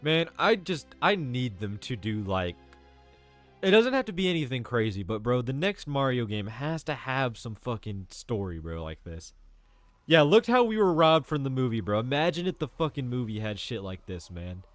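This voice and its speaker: Animated young man streaming, swearing casually. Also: mid-range voice, moderate pace, no echo. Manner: chatty and profane, says "bro" constantly, often laughs. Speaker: live streamer playing a video game. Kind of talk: casual gaming commentary. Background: faint game music.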